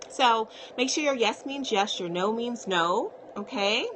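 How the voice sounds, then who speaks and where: A woman's voice: a little high, lively intonation, unhurried, a bit bright, a little hiss or hum. A woman psychiatrist talking casually to viewers on a live stream, reassuring and often checking in with "okay?".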